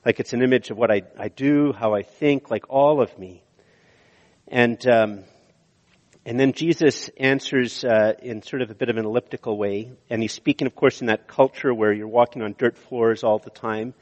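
A man preaching a sermon in earnest, slowing down to stress key words, in a church sanctuary. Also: mid-range voice, fairly even intonation. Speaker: pastor. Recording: dull audio with long hall reverb.

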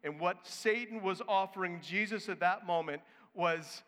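A man's voice: sits high, normal speed, few pauses, sharp tone. A male pastor preaching a sermon in an emphatic, conversational way. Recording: echoey hall.

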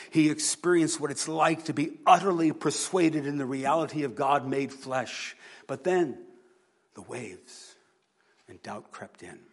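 A man preaching a sermon, earnest, moving between hushed and emphatic delivery. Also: medium pitch, husky. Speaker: pastor.

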